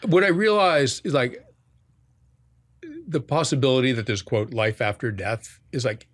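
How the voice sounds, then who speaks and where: A man speaking as a podcast guest in a reflective conversation, halting and often restarting his sentences. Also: mid-range voice, very animated, a bit bright, no echo. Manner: halting, many restarts and self-corrections. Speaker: guest, war journalist and author.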